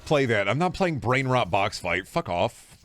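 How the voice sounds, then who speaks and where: A man's voice: mid-range voice, a little slow. Profane, rambling young male streamer. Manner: rambling, profane, jokey, bursts of excitement. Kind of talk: casual gaming stream chat.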